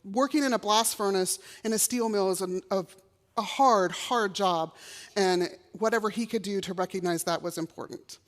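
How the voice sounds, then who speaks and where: A woman's voice: mid-range voice, normal speed. A middle-aged woman from Texas, giving a personal testimony in a chapel and acting out the voices she quotes. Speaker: chapel speaker. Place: college chapel. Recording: long reverb of a chapel hall.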